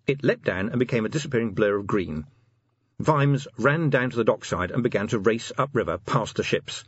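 Husky expressive male audiobook narrator. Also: mid-range voice, moderate pace, no room sound, muffled recording. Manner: expressive, voices each character.

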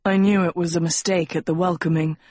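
A woman's voice: on the low side, little pitch movement, a little fast, darkish tone, no echo, lightly acted. A woman voicing a cocky young prince. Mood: smug. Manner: smug and teasing. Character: cocky teenage prince, arrogant swordsman.

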